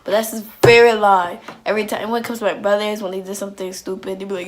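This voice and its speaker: A woman telling a personal story on her vlog in an animated, slangy way, full of "like"s and restarts. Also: medium pitch, fast, few pauses. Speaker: vlogger.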